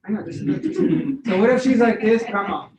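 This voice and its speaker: A man leading a sales training session, energetic and hands-on, who keeps checking in with his audience. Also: sits high, quick pace, a crowd in the background. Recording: roomy, echoey sound from far off the mic.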